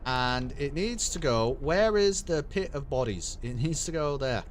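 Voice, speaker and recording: A man's voice: mid-range voice, animated, a little slow, a little hiss or hum. A British man streaming a game, chatting in a casual, sweary and wry way while he laughs along. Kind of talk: casual gameplay commentary.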